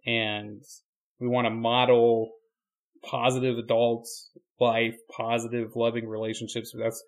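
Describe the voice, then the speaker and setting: A man co-hosting a casual podcast, a preacher who talks in an easygoing, reflective way and slips in deadpan jokes. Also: mid-range voice, a little slow. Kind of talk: casual chat.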